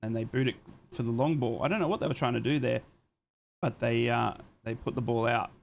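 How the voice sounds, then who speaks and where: A young man streams a live football watchalong, calling the action play by play and reading chat messages aloud. His mid-range voice is creaky and brisk, he is excitable and swears freely, and there is slight background noise.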